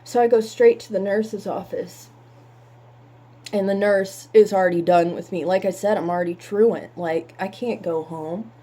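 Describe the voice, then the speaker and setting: A woman telling a painful personal story in halting words, holding back tears. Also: mid-range voice, dark tone.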